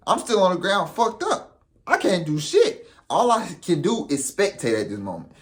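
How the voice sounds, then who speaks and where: A young man telling a story in casual vlog style, with profane street slang. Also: on the high side. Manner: animated, profane street slang, acts out quotes. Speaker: vlogger.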